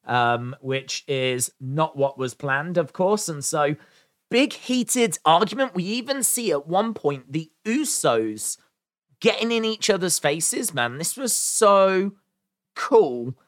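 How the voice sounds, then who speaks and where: A man giving a chatty, excitable recap and review of a wrestling show, full of fillers. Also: on the high side, takes it slowly, dry recording, studio quality. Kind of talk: casual spoken recap and review.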